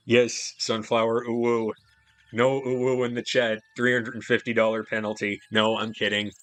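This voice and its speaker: A man live-streaming a video game, talking in a loose, rambling way with casual swearing. His voice is fairly low, and soft game music runs underneath.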